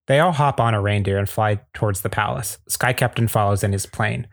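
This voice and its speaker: A man reads the narration of a fan-script table read in a lowish voice. The recording is dry and close, and he tells the story plainly, stumbling now and then. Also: a little fast, creaky, dry recording. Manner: plain storytelling with small slips.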